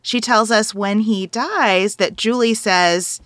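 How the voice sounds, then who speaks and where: A woman's voice: mid-range voice, slow, a bit bright, no echo, studio quality. Thoughtful woman podcast guest. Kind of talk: casual book-review chat.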